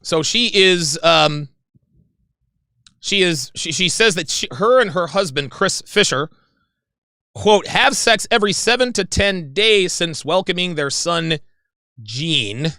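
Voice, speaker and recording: A man in his forties hosting a livestream in casual chat, rambling and excitable. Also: high voice, takes it slowly, no room sound, studio quality. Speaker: livestream host.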